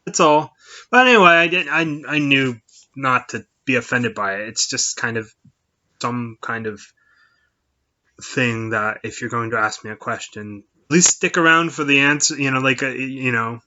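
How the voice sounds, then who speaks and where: Middle-aged male host, very bright tone, rambling casual chat, dull lo-fi recording. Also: mid-range voice, normal speed. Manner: rambling, with many fillers and restarts. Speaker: podcast host. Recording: dull lo-fi sound.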